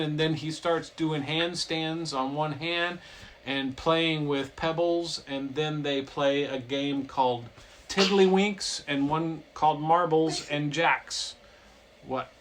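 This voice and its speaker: Guy telling a silly story, slow and bouncy, kinda high voice. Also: a little hiss or hum, rough recording. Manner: playful, animated, lots of silly voices. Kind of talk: goofy comic storytelling.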